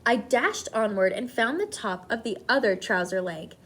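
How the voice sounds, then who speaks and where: A woman teacher reading a children's book aloud to her class, with expressive, animated delivery. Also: on the high side, normal speed.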